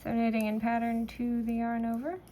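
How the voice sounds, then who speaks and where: A woman teaching a knitting pattern step by step, talking in a relaxed way with fillers and pauses as she works. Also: a little high, slight background noise. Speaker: knitting instructor. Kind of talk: step-by-step craft tutorial.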